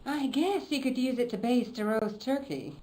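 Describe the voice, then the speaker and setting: A woman's voice: fairly high pitch, normal speed, darkish tone, natural voice, low-quality recording. An actress voicing a chatty, prim hospital staff woman in a video game, gossipy and scolding.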